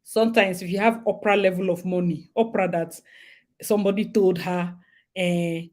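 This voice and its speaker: A young woman with a Nigerian accent, hosting a casual talk and chatting in a lively way with bits of Pidgin. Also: fairly low pitch, normal speed. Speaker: host. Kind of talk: casual monologue.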